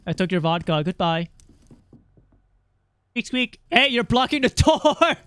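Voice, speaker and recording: High, bright-voiced excitable male streamer. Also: measured pace, smooth, no echo. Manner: excitable, swears, reads game text aloud. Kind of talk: casual gameplay commentary.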